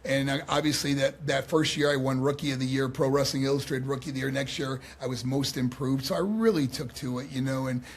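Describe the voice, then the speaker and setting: A man in his sixties from New York, a guest on a podcast, telling animated stories and acting out the quotes. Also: medium pitch, fairly quick, few pauses. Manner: animated, acts out quotes, laughs often. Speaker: guest, former pro wrestler. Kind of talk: storytelling in a podcast conversation.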